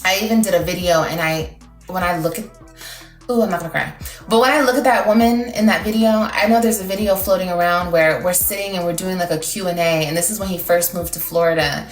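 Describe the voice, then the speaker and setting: A woman's voice: on the low side, quick pace, faint music behind. A woman talking casually to her livestream viewers in a rambling, emotional way, full of fillers and restarts. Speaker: TikTok livestreamer. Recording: echoey room.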